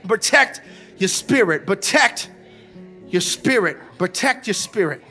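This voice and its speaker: A pastor preaches to his congregation in a high, animated, bright voice. He tells stories gently, then rises into shouted, half-sung exhortation. He leads the room in call-and-response. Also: slow, pauses often, faint music behind. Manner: swings between soft storytelling and shouted, half-sung exhortation. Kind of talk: sermon. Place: church sanctuary with a live congregation.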